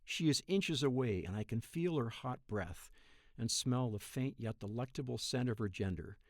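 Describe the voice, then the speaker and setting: A man in his thirties tells a rambling dream story in the first person, wry and deadpan, with the odd profane aside. His voice sits at an ordinary middle pitch and is recorded dry and close, with no room sound. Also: moderate pace, no room sound. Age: 30s. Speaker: narrator.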